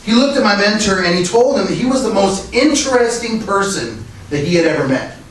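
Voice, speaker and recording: A man's voice: high-pitched, sing-song, fairly quick. A man giving a prepared Toastmasters speech, earnest, asking rhetorical questions. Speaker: Toastmasters speaker. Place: meeting room. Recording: echoey room, distant mic, faint noise.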